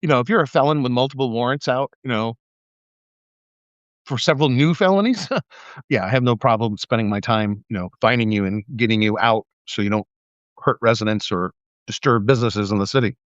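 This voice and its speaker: A man's voice: medium pitch, a little fast, no echo, muffled recording. A man, a former police officer, telling stories and ranting in a casual livestream monologue, acting out quoted voices and swearing often. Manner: animated, acts out quoted voices, profane, laughs. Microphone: livestream mic.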